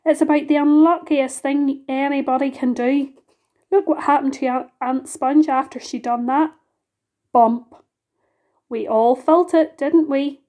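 A woman voicing a cheeky, boastful male centipede who talks gleefully and loudly. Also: high voice, fairly even intonation, a little slow. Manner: gleeful, loud.

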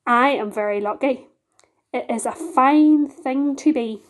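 A woman's voice: sits high, a little slow. A woman voicing a modest but proud female ladybird with a genteel, prim manner.

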